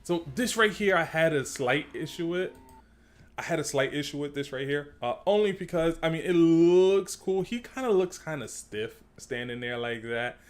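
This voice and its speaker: A man's voice: animated, moderate pace. Chatty man doing a slangy trailer breakdown. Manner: slangy and chatty, repeats himself and restarts phrases; gets worked up and rises in pitch when ranting. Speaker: video creator breaking down a movie trailer. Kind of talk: casual trailer-breakdown commentary.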